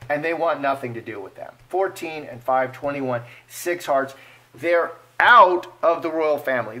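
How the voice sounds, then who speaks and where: A man reads cards and offers casual fortune-telling commentary, sounding animated and playful as he acts out imagined speech. His voice sits on the high side.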